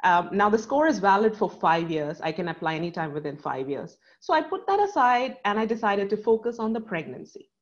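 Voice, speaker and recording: A woman's voice: medium pitch, very animated, highs cut off. A woman, telling a personal story on stage in an earnest, paced way. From South India. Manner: earnest, dramatic pauses.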